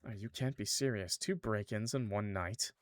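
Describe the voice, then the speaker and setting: A man's voice: fairly low pitch, normal speed, no room sound, lightly acted. A man reading the lines of a guarded, dry-witted woman investigator in a dry, guarded way. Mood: dry, wary.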